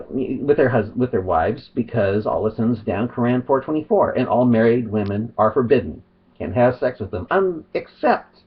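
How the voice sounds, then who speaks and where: A middle-aged man talks to his camera in a low, husky voice, wandering off and circling back as he goes. The sound is dull and muffled, like a cheap webcam mic. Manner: rambling, restarts and trails off. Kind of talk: casual vlog monologue. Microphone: webcam or phone.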